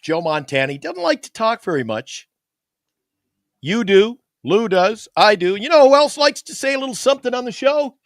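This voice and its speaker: A man co-hosting a sports talk show, telling stories in a casual, excitable way. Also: high voice, moderate pace, no echo, studio quality. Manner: animated storyteller, excitable.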